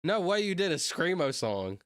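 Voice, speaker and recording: A man rambles through casual reaction commentary and breaks into sudden excited yelps. His fairly high voice swings widely in pitch. The sound is dry and close. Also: moderate pace, clean tone, no echo. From Southern United States. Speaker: streamer reacting to videos.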